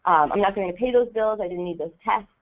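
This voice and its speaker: A woman's voice: medium pitch, quick pace. A woman leading a volunteer training session in a casual way, with many ums and a frequent "right?". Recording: tinny phone-like audio.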